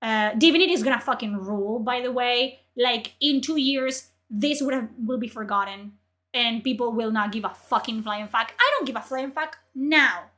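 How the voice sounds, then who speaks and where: A woman streamer ranting in profane, exasperated commentary, her voice strained from yelling. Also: on the high side, moderate pace.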